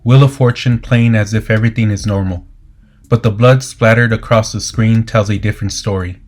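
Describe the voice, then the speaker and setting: A man narrating a comic book story recap in a steady, dramatic scripted delivery. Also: fairly low pitch, fairly quick. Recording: faint music underneath.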